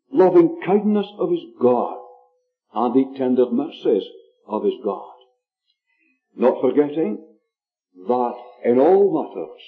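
A man preaches a sermon at an unhurried pace, giving weight to single words. His voice rises and falls widely as he dwells on each phrase. The sound is thin and phone-like, with faint music behind. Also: mid-range voice. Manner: slow, deliberate preaching that stresses single words. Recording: tinny phone-like recording.

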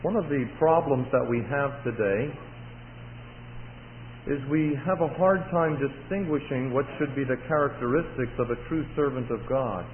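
A middle-aged man preaching a sermon, his voice going hoarse, rising in force for emphasis with earnest asides. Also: normal speed, big-room sound, a little hiss or hum. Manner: builds in volume and pitch for emphasis, with earnest asides. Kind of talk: sermon at a retreat. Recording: tinny phone-like old recording.

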